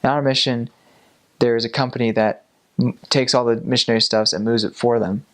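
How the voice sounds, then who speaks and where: A young man, a missionary, telling a casual story with animated delivery and frequent laughs. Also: medium pitch, fairly quick. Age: young adult.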